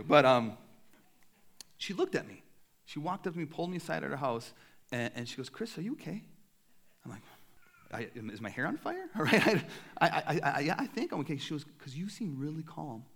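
A young man, a pastor, preaching a sermon in a casual, animated way with self-deprecating humor. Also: a little high.

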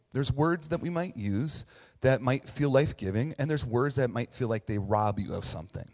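A man's voice: mid-range voice, darkish tone, long reverb tail. A middle-aged man preaching a casual, conversational sermon as a pastor, joking at his own expense with lots of fillers and tag questions. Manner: chatty, self-deprecating, frequent fillers and "right?".

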